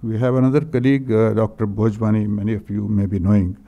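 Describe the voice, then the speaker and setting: A man's voice: lowish voice, flat delivery, fast talker, muffled recording. An older man with an Indian English accent reading condolence messages at a memorial meeting, hesitant and full of fillers, emotional. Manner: hesitant, many "uh" fillers and throat-clearing. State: emotional, voice breaking. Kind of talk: halting tribute reading.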